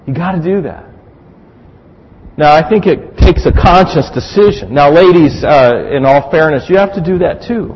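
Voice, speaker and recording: A man's voice: fairly high pitch, normal speed, husky. A man preaching a sermon as pastor, telling stories animatedly and acting out voices, in a church hall. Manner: animated storytelling, acts out voices. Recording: dull recording with long hall reverb.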